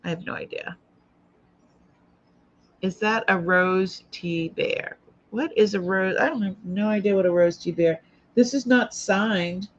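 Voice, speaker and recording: In a casual live-stream jewelry sale, a woman with an old Boston accent chats and thinks aloud while handling each piece. Her mid-range voice is a little slow with long pauses. The highs are cut off in the recording.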